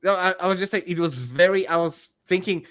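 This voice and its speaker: Man co-host, slightly higher voice, halting casual chat with many restarts. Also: a bit bright, clean tone, no echo, studio quality. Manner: halting, restarts words, heavy use of "like". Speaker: podcast co-host.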